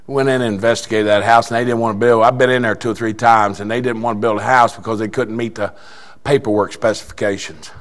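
An older man preaching a sermon, telling a story in a quiet voice that breaks into fervent shouting. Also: on the low side, fairly even intonation, quick pace.

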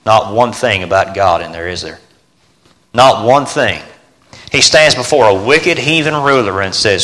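Earnest preacher in a reverberant hall. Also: male voice, on the low side, animated, moderate pace. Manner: earnest storytelling, swings from hushed to rising emphasis. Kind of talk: sermon with personal story.

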